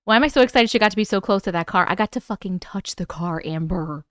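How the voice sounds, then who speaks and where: A young woman hosting a casual live-stream chat, excited and chatty, swearing now and then. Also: medium pitch, fast, few pauses, no room sound, studio quality. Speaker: host.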